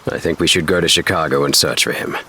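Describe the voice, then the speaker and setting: A man voicing an earnest teenage boy detective, speaking gravely in close to his own low voice. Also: fast talker, sharp tone, a little hiss or hum, exaggerated voice.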